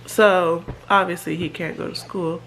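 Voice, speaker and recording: Gravelly-voiced mom vlogging at home. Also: female voice, fairly low pitch, fairly even intonation, a little slow, a bit bright, slight background noise. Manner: chatty and rambling, with fillers and laughs. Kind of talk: casual chat to camera. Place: her home, by the kitchen.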